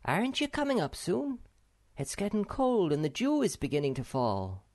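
A man voicing a gentle, wise wanderer. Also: fairly high pitch, wildly swooping pitch, a little slow, vocal fry, no echo, studio quality, pitched above the performer's own voice, exaggerated voice. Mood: calling. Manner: gentle and soothing. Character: calm, kindly wandering male creature. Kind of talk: audiobook character voice.

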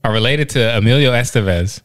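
A man's voice: mid-range voice, a little fast, no echo, clean studio sound. A man in his thirties co-hosting a podcast in casual chat, teasing and making joking asides. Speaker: podcast co-host.

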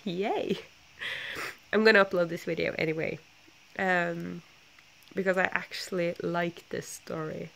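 A woman's voice: lowish voice, fairly even intonation, unhurried, creaky, pauses often, fairly bright tone. A young woman with a stuffy nose from a flu, telling a rambling story in a casual vlog, full of fillers and self-corrections. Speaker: book vlogger.

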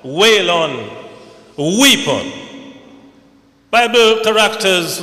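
A man preaching a sermon at a memorial service, slow and measured, building to dramatic recitation. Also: a little high, bright, forceful tone. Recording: echoey hall.

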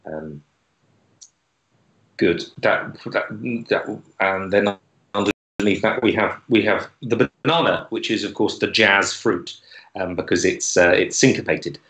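A man with a slightly low voice doing deadpan stand-up. He hesitates and restarts, delivering absurd jokes dryly in a roomy, echoey space. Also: unhurried. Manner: hesitant, many fillers and restarts, dry delivery. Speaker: comedy club co-host.

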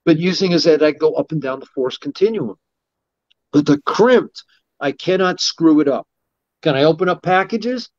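Man, middle-aged, martial arts instructor, rambling animated anecdotes, slightly high voice, dull dry lo-fi recording. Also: normal speed, no room sound. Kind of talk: casual storytelling interview.

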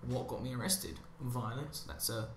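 A man's voice: medium pitch, unhurried, background noise. Guy rambling sarcastically over gameplay, goes off on tangents, echoey room. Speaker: commentary channel host. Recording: roomy echo with faint ambience.

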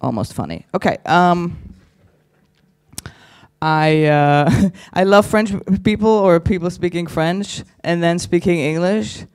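A man working the crowd at a conference, brash and mocking, with a fairly high voice and a loose, profane delivery. He speaks into a handheld mic on stage. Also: slow, clear, resonant tone. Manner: brash, teasing, swears freely. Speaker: stand-up comedian. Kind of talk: stand-up crowd work. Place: conference stage before a live audience.

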